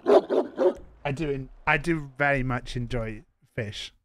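A man's voice: mid-range voice, slow pace, heavy background noise. A Welsh man streaming a game, talking casually to himself with swearing and chuckles. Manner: swearing, chuckling, laid-back. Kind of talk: casual gaming commentary.

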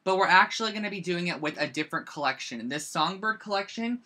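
A teenager hosts a casual live-streamed craft lesson from a bedroom at home, picked up by the camera's own mic. The voice is bright and forward. The talk rambles along, full of "like" and quick side-stories. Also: medium pitch, lively intonation. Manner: rambling and chatty, heavy use of "like". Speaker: scrapbooking instructor.

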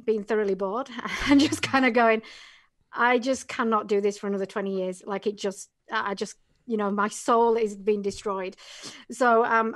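A chatty middle-aged woman with an English accent talks freely as a podcast guest. Her voice sits fairly high, and the recording is dry and close, with no room sound. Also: no echo. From England. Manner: chatty and talkative. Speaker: guest, business coach. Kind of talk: casual podcast interview.

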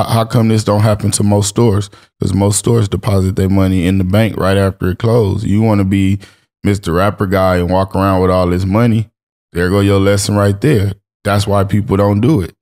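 A man's voice: on the low side, darkish tone. A man guest on a podcast, telling laid-back stories in casual chat with heavy slang and swearing. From Los Angeles. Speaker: podcast guest, streetwear brand owner.

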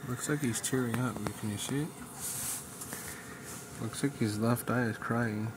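A man talking softly to his newborn son as his father, cooing and repeating himself. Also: mid-range voice, steady tone, noisy background. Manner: soft, slow, repetitive cooing. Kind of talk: baby talk to newborn son.

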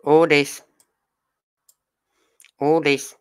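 Slow-talking sarcastic true crime commentator. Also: mid-range voice, level tone, smooth. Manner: sarcastic, rhetorical questioning; blunt, uses crude slang. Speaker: true crime channel host.

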